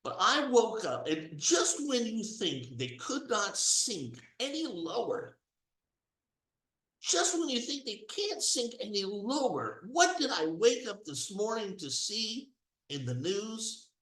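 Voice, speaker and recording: A man talks through a religious and political monologue with real emphasis, his voice swinging widely in pitch. His tone sits a little high for a man and climbs to near-shouts when he gets indignant. The recording rings with the echo of a hard room. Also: very animated, slow. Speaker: commentary host.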